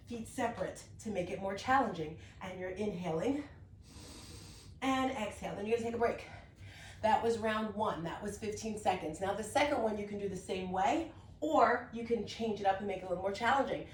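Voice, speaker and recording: A medium-pitched woman instructor, speaking a little fast, talks viewers through a mat workout at home while demonstrating each move. She's upbeat, encouraging and slightly out of breath, heard via a distant camera mic in an echoey room with slight background noise.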